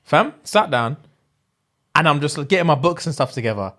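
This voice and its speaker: A young man, co-hosting a podcast in casual chat, telling a story with lively acted-out voices and frequent laughter. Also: on the high side, normal speed. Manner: animated storyteller acting out voices, laughing often. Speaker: podcast co-host.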